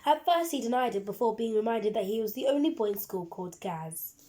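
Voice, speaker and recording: Mellow-voiced woman reading a storybook. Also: on the high side, fairly quick, slight background noise. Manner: expressive, lively storytelling. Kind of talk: reading a children's book aloud.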